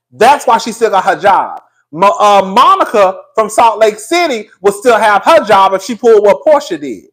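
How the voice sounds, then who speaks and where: A young man hosting casual gossip commentary, animated and profane, laughing often. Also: very high-pitched, moderate pace.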